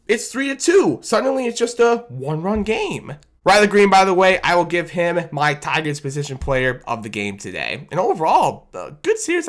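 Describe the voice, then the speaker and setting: A man giving a casual, animated recap of his team's loss as a fan commentator, self-deprecating and rambling, talking into a desk microphone. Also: high-pitched. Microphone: desk microphone on camera.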